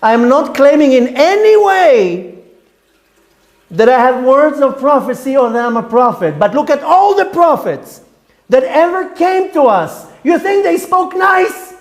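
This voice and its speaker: A man preaching as a rabbi, fiery and rebuking, repeating words for emphasis and swinging between shouts and hushed tones. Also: extremely high pitch, very animated, measured pace. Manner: repeats words for emphasis, asks rhetorical questions. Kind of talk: impassioned sermon.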